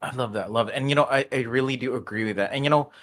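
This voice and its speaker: A man hosting an interview, asking halting, supportive questions with restarts and frequent affirmations. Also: mid-range voice, a bit bright. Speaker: interviewer host. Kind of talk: live interview conversation.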